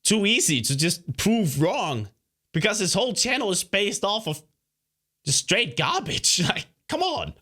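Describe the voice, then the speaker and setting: A man's voice: high voice, big pitch swings, a little slow, sharp tone. A young man hosting a reaction video, talking back at a clip in an indignant, sarcastic way. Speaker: YouTuber host. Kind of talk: reaction commentary.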